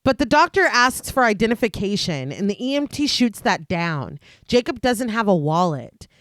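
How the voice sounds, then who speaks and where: A woman's voice: medium pitch, moderate pace, no room sound. Woman narrating a film recap, dry sound. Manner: steady, descriptive narration with dry asides. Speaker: podcast host recapping a film. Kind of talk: reading a scripted plot recap.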